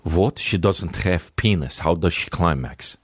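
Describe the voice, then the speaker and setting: A man voicing a blunt, crude Russian man who speaks low, gruff broken English with a Russian accent. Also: measured pace, dry recording. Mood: baffled.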